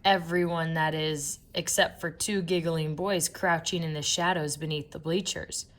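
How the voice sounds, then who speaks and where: A woman narrating a children's book in a playful, expressive storytelling manner. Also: deep voice, normal speed. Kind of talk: children's audiobook reading.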